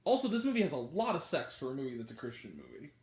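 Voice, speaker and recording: A man's voice: medium pitch, huge pitch swings, racing, darkish tone, reverberant. A man giving a blunt, exasperated, profane movie review as host of his own show. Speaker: film reviewer.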